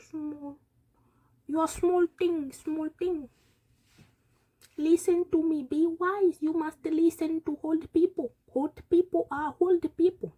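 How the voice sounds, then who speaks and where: A woman's voice: very high-pitched, warm tone, voice pushed up. A woman putting on the voice of a wise old man who lectures and scolds, repeating words for emphasis.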